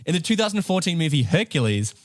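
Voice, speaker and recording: A man's voice: a little high, sing-song, quick pace, no echo, studio quality. A young man with a New Zealand accent co-hosting a casual podcast, telling stories in a laid-back, chatty way. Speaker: podcast co-host. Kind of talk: casual chat. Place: home studio room.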